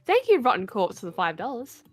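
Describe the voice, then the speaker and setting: A woman's voice: on the high side, huge pitch swings, fairly quick. A woman guesting on a casual live stream, chiming in in an easygoing, agreeable way.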